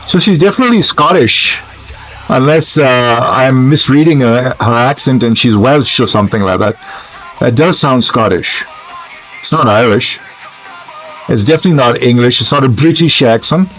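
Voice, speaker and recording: A man's voice: medium pitch, moderate pace, faint music behind. A man giving casual, musing gameplay commentary, hesitant and full of fillers as he thinks aloud. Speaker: gamer commentator.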